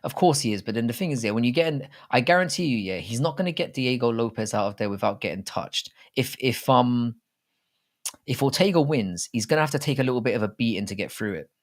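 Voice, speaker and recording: A man's voice: mid-range voice, animated, fast. A man hosting a casual live stream, talking in a rambling, jokey and crude way with many restarts. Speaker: livestream host. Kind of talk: casual live-stream chat about fight betting.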